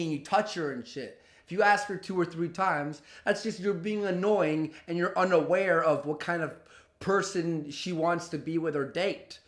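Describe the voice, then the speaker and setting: A man's voice: a little high, moderate pace. A man hosting a reaction commentary, ranting in an exasperated, profane, mocking way. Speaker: commentary host. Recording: roomy echo.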